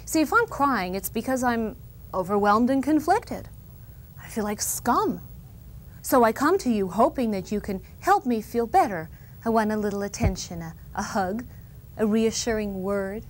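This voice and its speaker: A woman's voice: a little high, expressive, normal speed, a little hiss or hum, natural voice. A woman playing an earnest, precocious little girl who lectures her parents in a solemn, mock-formal comic monologue. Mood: pleading. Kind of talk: comedic monologue.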